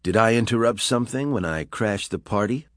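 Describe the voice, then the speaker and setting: A man's voice: on the low side, a little fast, dry recording, voice pushed up, close to an everyday voice. Brief: wry, unflappable hero, read by a male narrator, slightly raised, dry close sound. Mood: defiant. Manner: calm, dry, cutting.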